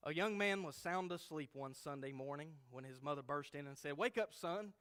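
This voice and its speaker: A man preaches an expository sermon in a slightly high voice. He teaches emphatically and keeps checking in with his listeners as he explains each point. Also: steady tone, fairly quick, sharp tone, smooth.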